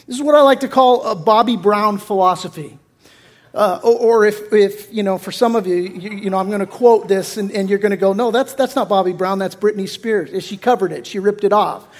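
A male pastor preaching a sermon in a casual, conversational way, acting out quotes as he goes. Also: high voice.

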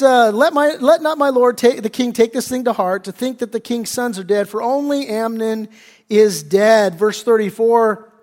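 High-voiced pastor preaching in a reverberant hall. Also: male voice. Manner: casual, slangy retelling of scripture. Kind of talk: sermon.

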